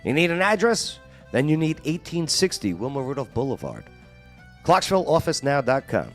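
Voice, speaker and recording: A man's voice: fairly high pitch, very animated, normal speed, faint music behind. A man co-hosting a talk show, joking and teasing while reading ads. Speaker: radio show co-host. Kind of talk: casual banter and ad reads.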